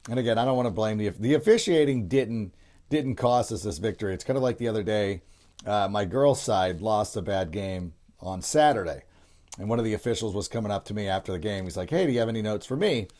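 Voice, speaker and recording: A middle-aged man hosts a sports podcast in a lowish, darkish voice, speaking a little fast. He rambles casually, restarting often and filling gaps with fillers.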